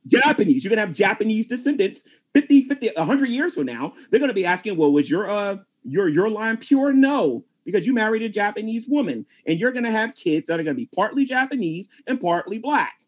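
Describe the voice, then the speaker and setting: Forceful preachy man, lively pitch. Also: brisk, few pauses, dull audio. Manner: forceful, preachy, talks over others. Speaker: Christian debater. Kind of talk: heated online debate.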